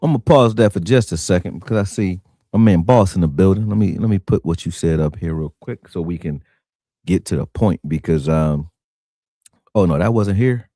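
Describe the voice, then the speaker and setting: Casting: man from Philadelphia, deep low voice, slangy animated sports-stream host, dry close sound. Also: moderate pace, dry recording. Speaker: sports talk show host. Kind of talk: casual sports talk stream.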